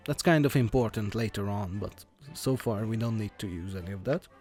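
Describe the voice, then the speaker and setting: A man with a soft, mellow voice talks through a computer game as he plays. He reads its text aloud without doing voices and stumbles often, filling pauses with "uh". Quiet game music sits faintly underneath. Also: fairly low pitch. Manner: hesitant, halting with many uh fillers and restarts; plain reading without character voices. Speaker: let's play host. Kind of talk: gameplay commentary, reading game text aloud.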